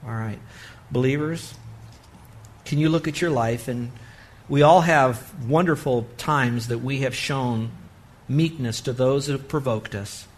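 Male pastor, mid-pitched voice, earnest pleading sermon delivery, swelling to fervent urging. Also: measured pace. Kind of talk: sermon with altar call. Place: church sanctuary.

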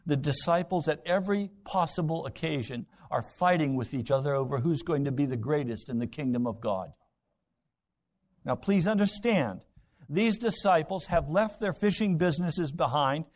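Male preacher, slightly high voice, dramatic sermon delivery acting out scripture scenes. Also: animated, moderate pace, darkish tone. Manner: dramatic preaching, voicing Bible characters with rhetorical questions. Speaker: pastor.

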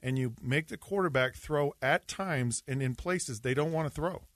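A man's voice: a little high, moderate pace, fairly bright tone, dry recording, clean studio sound. A man co-hosting a sports radio show, earnestly breaking down a football game and often restarting his sentences. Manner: earnest, analytical, repeats words when starting. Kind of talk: casual sports talk radio banter. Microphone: studio microphone.

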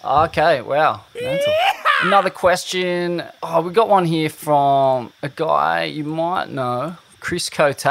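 A man's voice: fairly high pitch, creaky, fairly bright tone. A man hosting a podcast, casual and swearing freely while reading out listener questions. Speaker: podcast host. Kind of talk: casual interview chat.

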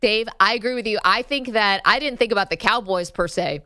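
A woman co-hosting a sports radio show, upbeat and quick to laugh while taking callers. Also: mid-range voice, sharp tone, dry recording, studio quality.

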